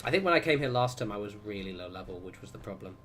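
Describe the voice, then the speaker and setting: Talking fast and animated in a lowish, fairly bright voice, a young male gamer rambles through casual livestream chat. He keeps interrupting himself and tossing chatty asides to his viewers.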